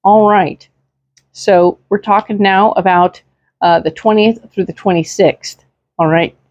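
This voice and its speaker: Woman, tarot reader, chatty, reassuring, mid-pitched voice, dry sound, slightly muffled. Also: fairly even intonation, unhurried, darkish tone, dry recording. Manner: chatty, reassuring, many fillers and tag questions. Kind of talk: casual tarot reading. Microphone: desk microphone.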